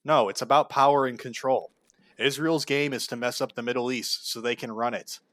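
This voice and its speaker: A man's voice: medium pitch, fairly even intonation, normal speed, a bit bright, no echo. Blunt, profane man ranting. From United States. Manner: blunt, profane, heated and sarcastic. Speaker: political commentary host. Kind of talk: ranting political commentary.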